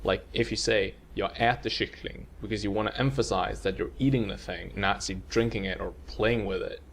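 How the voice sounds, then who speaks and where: Calm low-voiced man explaining a lesson. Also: brisk, gravelly, a little hiss or hum. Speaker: language teacher.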